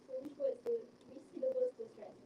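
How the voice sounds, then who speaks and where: A woman's voice: very high-pitched, flat delivery, fast, dark tone, echoey room. A woman serves as a panel examiner, asking direct, probing questions about a student's research. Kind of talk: questioning in a viva. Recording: distant mic with clear background noise.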